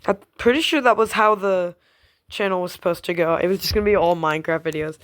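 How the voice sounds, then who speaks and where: A woman's voice: fairly low pitch, fast talker. Rambling, giggly young woman vlogger. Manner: rambling, giggly, teasing, trails off. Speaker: gaming YouTuber. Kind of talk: casual chat to camera.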